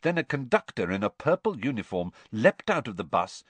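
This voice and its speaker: A man reading a story aloud, in an expressive audiobook narration. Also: mid-range voice, brisk, breathy edge, dry recording.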